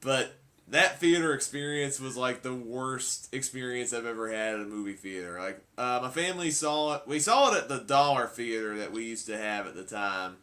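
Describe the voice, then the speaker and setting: A man's voice: medium pitch, lively intonation, normal speed, bright, forceful tone. A man answering as a guest in a casual interview, easygoing and full of "uh" and "you know".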